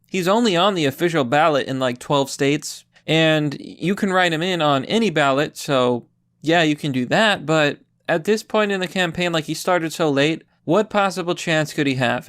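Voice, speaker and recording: A man's voice: on the high side, clear, resonant tone. A man hosting his own channel, giving casual, sarcastic political commentary with jokes and asides. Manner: sarcastic, jokey, animated.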